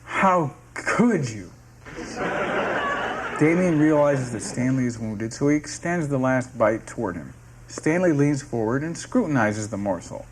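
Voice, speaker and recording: A man narrating the stage directions of a sitcom script in a steady, descriptive reading. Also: mid-range voice, moderate pace, a little hiss or hum. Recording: music playing underneath.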